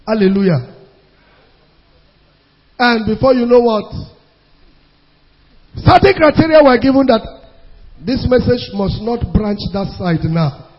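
A man preaching a sermon, emphatic, drawing out key words and rising to shouts, recorded muffled with long hall reverb. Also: extremely high pitch, lively intonation, slow pace, long pauses, husky.

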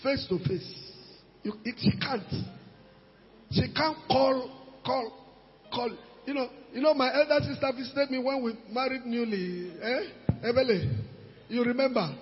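High-voiced Nigerian preacher in a hall. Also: male voice, a little slow, long pauses, soft background music. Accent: Nigerian English. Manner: animated, shouting emphasis, pidgin asides, laughing. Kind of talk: sermon. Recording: dull recording in a reverberant hall.

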